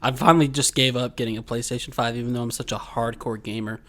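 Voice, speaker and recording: A man's voice: medium pitch, fairly even intonation, fast talker, a bit bright. Rambling, laughing male podcast host. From Georgia, USA. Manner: rambling storyteller, laughs often. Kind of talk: casual chat.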